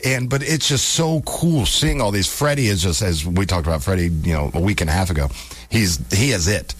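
A man's voice: sits low, brisk, breathy edge. A man hosting a radio talk show, chatting casually and telling stories with playful repetition. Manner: animated storyteller, repeats words for comic effect. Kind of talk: casual on-air chat. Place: radio studio.

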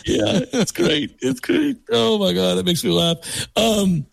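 A man's voice: high voice, animated, unhurried, vocal fry, no room sound. A man co-hosting a casual sports podcast, rattling off names with playful emphasis, on a close mic. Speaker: podcast co-host.

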